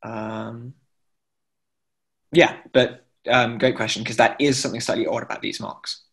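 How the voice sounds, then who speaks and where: A man's voice: medium pitch, fairly even intonation, unhurried, vocal fry, a bit bright. A man teaching an online class in chanting scripture, explaining with many fillers and chanting short examples. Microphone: video call.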